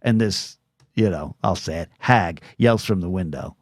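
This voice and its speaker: A man's voice: low-pitched, measured pace, no echo, studio quality. A middle-aged man hosting a solo podcast, rambling and self-deprecating, stumbling over restarts and acting out quoted voices. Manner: acts out quoted voices in short bursts.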